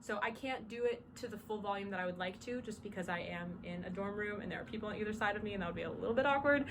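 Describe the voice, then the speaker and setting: A young Southern woman explains things in a loose, chatty way, dropping in "um" as she goes and calling out short commands to demonstrate. She sits at an ordinary middle pitch. The small dorm room carries steady background noise under her voice. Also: quick pace. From South Georgia, US. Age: young adult. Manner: chatty, with frequent "um" fillers and spoken demonstrations of commands. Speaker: drum major instructor. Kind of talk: casual instructional talk.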